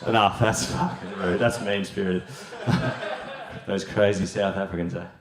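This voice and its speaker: A man's voice: low-pitched, fairly even intonation, a little slow, crowd noise. Brash Australian man in an echoey room. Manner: brash, swearing, laughs through his jokes. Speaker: stand-up comedian. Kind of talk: crude stand-up routine.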